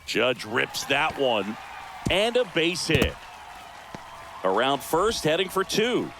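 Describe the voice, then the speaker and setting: A man voicing a male baseball play-by-play announcer for a video game, calling each pitch crisply and excitably. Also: takes it slowly, heavily acted. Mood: lively. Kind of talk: scripted video game commentary. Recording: game audio with background noise.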